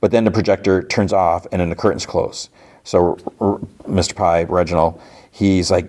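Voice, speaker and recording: A man's voice: low voice, fairly even intonation, normal speed, a little mellow. A man hosting a podcast, retelling a TV episode in a casual, rambling way with many fillers. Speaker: podcast host.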